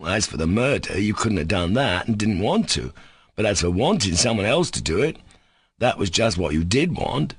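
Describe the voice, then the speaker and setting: A man voicing a sickly, insolent male servant who speaks slowly and sarcastically with controlled defiance. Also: fairly low pitch, big pitch swings, husky, dry recording, exaggerated voice. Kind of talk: audiobook character reading.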